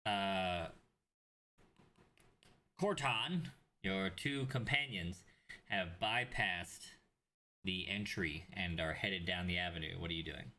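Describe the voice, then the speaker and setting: A man narrating as game master of a tabletop role-playing game, speaking in steady, plain narration with pauses. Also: low voice.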